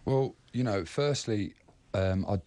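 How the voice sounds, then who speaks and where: Radio guest: earnest man, low voice, dry close sound, repeats himself. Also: warm tone, dry recording. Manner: earnest, repetitive, halting. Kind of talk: radio interview.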